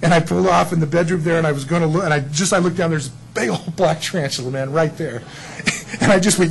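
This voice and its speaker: A middle-aged man preaching a sermon, teaching a Bible verse in an animated way and joking about his own stories. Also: a little high, moderate pace, creaky, slight background noise, poor audio. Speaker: pastor.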